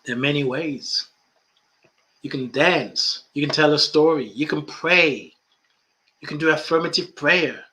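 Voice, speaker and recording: A man's voice: a little high, a little slow, pushed and bright. A man hosting a spiritual coaching podcast, emphatic and repeating key phrases, with playful asides. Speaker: life coach and podcast host.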